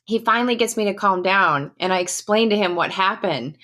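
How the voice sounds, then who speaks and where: A woman's voice: medium pitch, brisk, sharp tone. A middle-aged American woman, a retired Air Force colonel, telling a personal story as a podcast guest in a candid, emphatic way with casual fillers. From United States.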